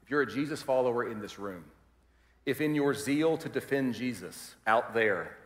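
A man preaching a sermon as pastor, animated and acting out quoted voices, swinging from loud to quiet. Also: mid-range voice, normal speed. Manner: animated, acts out quoted voices, varies volume widely. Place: large church hall. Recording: roomy hall reverb.

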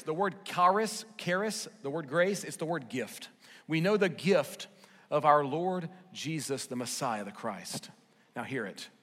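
Male pastor, slightly high voice, sermon with big swings from loud to hushed, long hall reverb. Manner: swings between loud emphatic lines and hushed quiet ones. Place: church sanctuary.

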